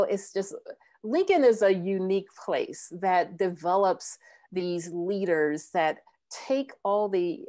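A woman professor giving a presentation to a club meeting, halting and full of fillers. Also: lowish voice, a little mellow. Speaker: guest speaker, university professor.

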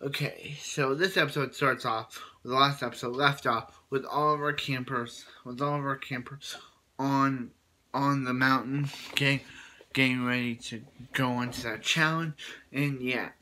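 A man's voice: medium pitch, steady tone, measured pace, pushed and bright, slight background noise. Rambling man recapping an episode. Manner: rambling, many fillers and restarts. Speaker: show reviewer.

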